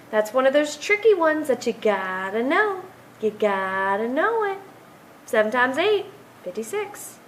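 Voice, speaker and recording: A teacher, a woman with a bright, clear, somewhat high voice, goes through math homework slowly and counts down the numbers out loud for every problem. The audio is poor, with a little background noise.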